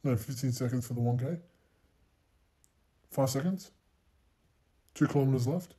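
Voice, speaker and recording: A young man commentating his own racing game playthrough, swearing constantly, mocking himself and bursting into loud exclamations. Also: mid-range voice, normal speed, breathy edge. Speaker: gaming channel host.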